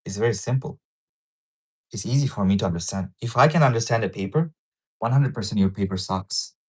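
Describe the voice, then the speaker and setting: Low-voiced man rambling on a livestream. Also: brisk, darkish tone, slightly rough. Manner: rambling, repeats words, swears casually. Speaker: livestreamer reading a paper. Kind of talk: casual livestream commentary.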